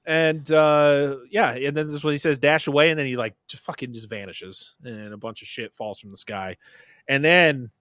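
Profane, joking podcast host. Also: male voice, mid-range voice, moderate pace, a bit bright, dry recording, studio quality. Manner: profane, laughing, jokey retelling. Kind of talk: casual movie recap chat.

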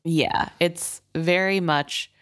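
A woman's voice: fairly low pitch, steady tone, takes it slowly, a bit bright, clear, resonant tone. A woman co-hosting a casual book podcast, chatty and laughing often as she talks. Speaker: podcast co-host.

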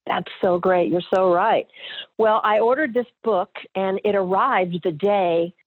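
A woman's voice: medium pitch, measured pace, slightly rough. Earnest woman over a phone line. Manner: earnest, emotional storytelling with light laughs. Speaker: actress guest. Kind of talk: personal testimony in interview.

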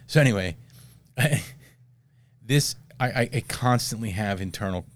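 A man's voice: lowish voice, a little slow. A middle-aged man in casual chat, rambling and profane, laughing at his own jokes.

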